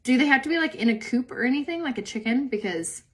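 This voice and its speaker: A woman's voice: high voice, lively intonation, fast talker, a bit bright. A young woman hosting a makeup live stream, chatting casually and answering viewer comments, rambling and saying "like" a lot and laughing easily.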